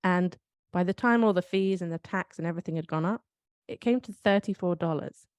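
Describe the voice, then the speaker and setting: A British woman with a slightly low voice, co-hosting a podcast in casual conversation. She tells everyday stories and then reflects on them aloud, often questioning herself as she goes. The recording is close and dry, with no room echo. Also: brisk, darkish tone, clean tone. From United Kingdom. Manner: reflective, storytelling with self-questioning asides. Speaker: podcast co-host.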